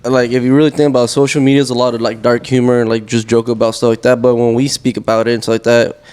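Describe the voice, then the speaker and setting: A man in a relaxed podcast chat who speaks fast and acts out other people's lines as he tells a story. His voice sits at a middle pitch for a man. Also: clear, resonant tone. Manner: quick, laughs easily, acts out quotes. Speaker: podcast co-host. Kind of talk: casual family chat.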